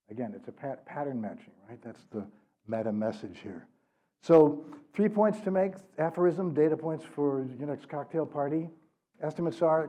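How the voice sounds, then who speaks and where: A man's voice: mid-range voice, warm tone. An older man giving a public author talk at a library, conversational and often checking in with "right?", in a slightly dull recording. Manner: conversational, keeps asking "right?". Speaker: author and speaker. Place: library event room.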